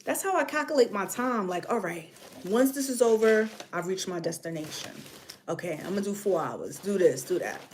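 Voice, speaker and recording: A woman's voice: medium pitch, expressive, normal speed, darkish tone, a little hiss or hum. A woman from New York with a New York accent, chatting casually on a livestream and reading comments, drifting between topics. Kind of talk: casual chat.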